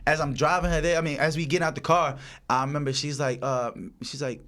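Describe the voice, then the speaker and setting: Fast-talking young man with a Dominican accent. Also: fairly high pitch. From Dominican Republic. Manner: animated, profane, streetwise slang. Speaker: podcast host. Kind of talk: casual chat, storytelling.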